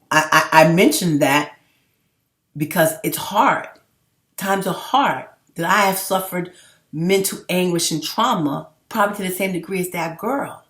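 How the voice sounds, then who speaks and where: A middle-aged woman vlogging in a casual, rambling monologue, emphatic and full of swearing. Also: lowish voice. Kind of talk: casual unscripted monologue to camera. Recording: roomy echo.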